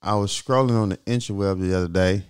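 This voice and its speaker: A man's voice: deep voice, fast, clean tone. A man co-hosting a podcast, casually recounting a funny episode he heard, laughing and swearing. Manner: laid-back storytelling, laughing, swearing. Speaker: podcast co-host. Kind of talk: casual chat.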